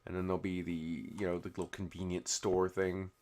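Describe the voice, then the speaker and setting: A man's voice: deep voice, level tone, brisk, background noise. A man hosting a game video, chatting casually while he builds and answering viewer comments in a rambling way with many restarts. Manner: rambling, full of "you know" and restarts. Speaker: YouTube game host.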